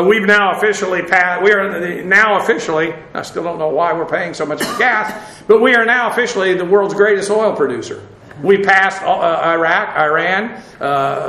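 A man's voice: high-pitched, sharp tone, echoey room, poor audio. A man giving an informal Bible study, talking in a rambling, conversational way with many fillers and restarts. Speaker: Bible teacher.

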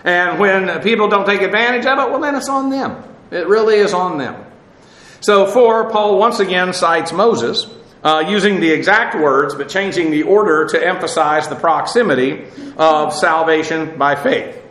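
A man teaching a verse-by-verse Bible lesson, talking off the cuff with many fillers and restarts, slowing down to explain Hebrew and Greek words. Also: high-pitched, fairly bright tone, reverberant, poor audio. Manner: explanatory, slows to spell out Hebrew and Greek terms.

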